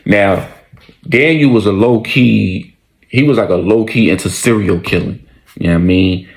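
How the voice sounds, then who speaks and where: A man casually telling a story, slangy and conversational, with animated retelling. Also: lowish voice, normal speed, creaky, poor audio.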